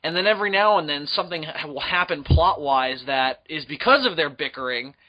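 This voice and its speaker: A young man co-hosting a podcast in an easy, animated chat, laughing often and slipping into little impressions as he talks. His voice sits high. The audio comes through dull and lo-fi. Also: fairly quick. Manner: animated, laughs often, acts out quoted lines. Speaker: podcast co-host. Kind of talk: casual chat.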